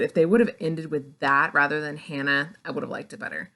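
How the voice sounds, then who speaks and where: A woman giving a casual, chatty book review, retelling the plot with lots of "like" and quick acted-out bits of dialogue. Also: low voice, slight background noise. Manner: chatty and animated, retells scenes in quick acted-out snippets, heavy "like".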